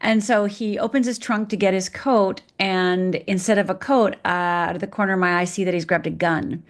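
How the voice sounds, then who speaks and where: A middle-aged woman from Upper Michigan speaks as a podcast guest, at a medium pitch for a woman. She tells her story frankly and vividly, her pace shifting between slow and quick. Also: fairly even intonation. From Upper Michigan, USA. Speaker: guest, fear expert. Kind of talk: personal storytelling in a podcast interview.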